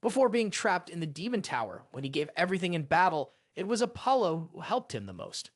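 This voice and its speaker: Male story narrator, high and animated, dramatic recap read. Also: fairly quick.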